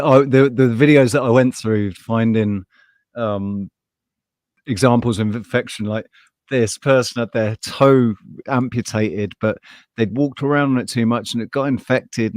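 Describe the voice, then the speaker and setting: A man in casual podcast conversation who rants bluntly and swears freely. He keeps a middle pitch. His voice sounds dry and close, with frequent laughs and restarts. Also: dry recording. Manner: heated, blunt ranting with swearing; laughs often, restarts mid-sentence. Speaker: podcast co-host. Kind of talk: casual live podcast chat.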